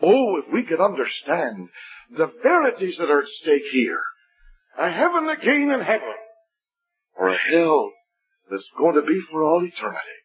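A man preaching a gospel sermon, earnest and pleading, with a husky voice that rises and falls. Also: a little high, huge pitch swings, normal speed, muffled recording. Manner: earnest, rising and falling pleading delivery.

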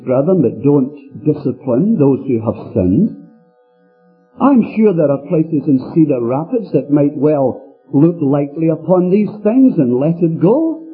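A man preaching an earnest sermon to a congregation, with a swooping delivery. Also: high voice. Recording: tinny phone-like radio recording with faint music.

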